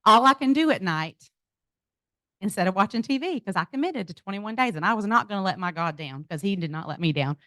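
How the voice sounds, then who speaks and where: A middle-aged woman tells a personal story to a gathered crowd, talking straight to them as "y'all." Her delivery is expressive, with a voice of ordinary pitch for a woman. The sound is dry and close, with little room echo. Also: fairly quick. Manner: animated storytelling, addresses audience as y'all. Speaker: speaker at a business event. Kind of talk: personal testimony told to a group. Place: event venue.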